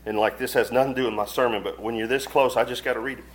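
A man preaching a sermon, reading scripture aloud and breaking into fervent, sudden loud surges with quick casual asides. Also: medium pitch, fairly even intonation. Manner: reads scripture aloud in old-fashioned phrasing.

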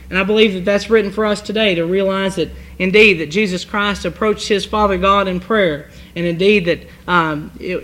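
A male preacher reads scripture and then works through its meaning in earnest, halting speech, restarting his sentences as he goes. His voice sits high and bright, with a crisp, forward edge. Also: low-quality recording. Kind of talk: sermon reading scripture and expounding.

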